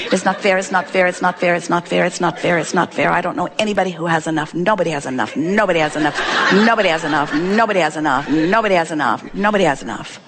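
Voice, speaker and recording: A woman voicing a discouraged, self-pitying person who complains over and over, in a lower voice than her own. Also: lightly acted. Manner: whiny, repetitive complaining.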